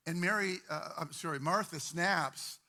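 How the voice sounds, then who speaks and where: In a church, a male pastor preaches a sermon conversationally, his voice a little high and his pace moderate. He often repeats phrases and drops into quiet, intimate tones.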